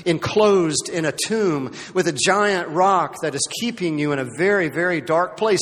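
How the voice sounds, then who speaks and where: A male pastor preaching a sermon, animated, swinging from loud emphatic peaks to hushed near whispers, with conversational asides and restarts. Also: high-pitched, moderate pace, few pauses, big-room sound.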